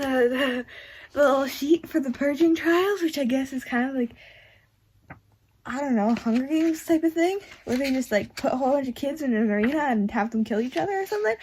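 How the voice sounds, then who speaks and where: Young female book vlogger, chatty, half-whispered, husky, slightly high. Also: a little mellow. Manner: chatty, often half-whispered, with many fillers. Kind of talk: casual reading vlog.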